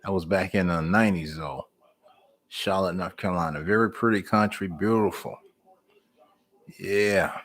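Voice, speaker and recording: Hosting a live stream, a middle-aged man chats with viewers in a warm, folksy Southern American way, telling stories and using "y'all." He's low-pitched, at normal speed with long pauses.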